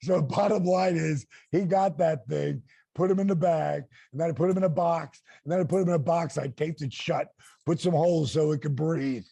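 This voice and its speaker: A middle-aged man and former wrestler telling an animated story, acting out quotes with big voice swings. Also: a little high, moderate pace, no echo. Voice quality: gravelly.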